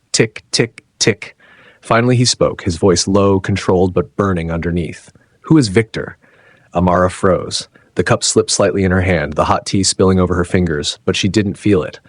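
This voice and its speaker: A man narrates a dramatic story with slow, suspenseful delivery. His voice is very deep and husky, and the recording is dry and close. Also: dry recording.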